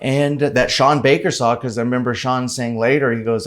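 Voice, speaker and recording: A man of about fifty talks as a guest on a podcast. He is candid and animated, telling stories in a middle-pitched voice and swearing freely. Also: moderate pace, few pauses. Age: 50s. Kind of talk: casual interview conversation.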